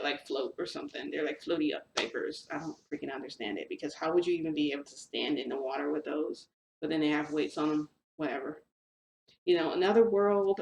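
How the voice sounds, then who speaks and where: A woman's voice: sits low, vocal fry, a little hiss or hum. A woman casually telling her viewers a rambling story, full of fillers and mild slang. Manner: chatty, rambling, lots of "like" and "freaking". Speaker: vlogger recounting a shifting experience. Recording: roomy echo with faint ambience.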